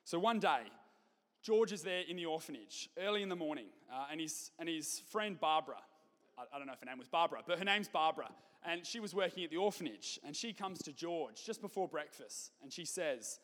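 A man preaching a sermon in a church, telling stories with lively, jokey asides. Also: fairly high pitch, fairly quick, in a large hall. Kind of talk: sermon with storytelling.

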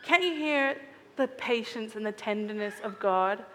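A woman's voice: a little high, unhurried, big-room sound, a little hiss or hum. A woman preaching a sermon in an earnest, reflective way, often asking her listeners searching questions.

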